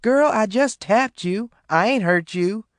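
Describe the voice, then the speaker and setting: A man's voice: high voice, expressive, measured pace, no room sound, clean studio sound, voice pushed up. A man voicing a cruel, threatening young man in an audiobook. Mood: dismissive. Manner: snarling, shouting, cruel. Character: brutal, threatening young white Southern man. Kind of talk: audiobook character voice.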